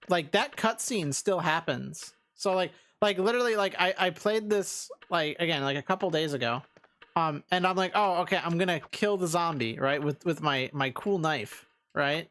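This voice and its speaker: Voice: medium pitch, fairly bright tone. Young rambling streamer. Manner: rambling, laughing, heavy use of filler words. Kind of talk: casual let's-play commentary.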